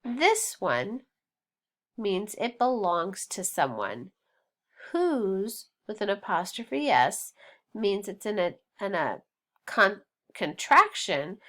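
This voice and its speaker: A woman teaching a phonics lesson to young children, sounding out words slowly and patiently and praising them. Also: medium pitch, sing-song, a bit bright. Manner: slow, deliberate, sounding out words syllable by syllable; encouraging, patient.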